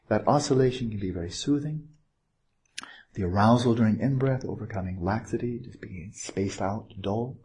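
A man giving a dharma talk as a meditation teacher on a retreat, gentle and playful, with unhurried pauses and small asides. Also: fairly low pitch.

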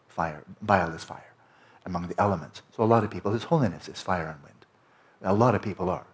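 A man with a fairly low voice gives a discursive Buddhist lecture. He talks earnestly and rambles, often restarting his sentences mid-thought. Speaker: Buddhist teacher and interpreter.

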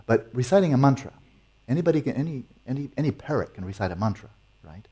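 A man's voice: mid-range voice, expressive, quick pace, mellow, breathy edge. A man teaching meditation and answering audience questions in a playful, teasing way. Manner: playful, teasing, chuckles often.

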